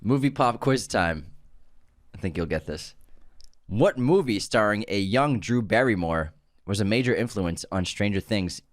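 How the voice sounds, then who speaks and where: A man's voice: on the low side, animated, moderate pace, no room sound, studio quality. A man co-hosting a podcast and running a movie quiz in a playful, casual chat. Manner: playful, laughs at own slips. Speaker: podcast co-host and quiz master.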